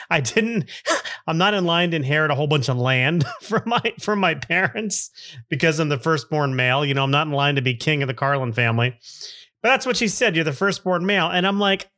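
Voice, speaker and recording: A man's voice: fairly high pitch, lively intonation, brisk, sharp tone, no room sound, studio quality. A man in his fifties hosting a podcast, telling a personal story in a rambling way with chuckling asides. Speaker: podcast host.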